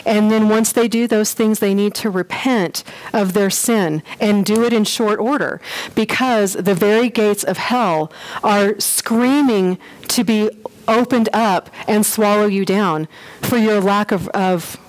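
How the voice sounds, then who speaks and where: A woman giving a casual church history class, chatty and animated, with lots of fillers and quick acted-out quotes. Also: mid-range voice, low-quality recording.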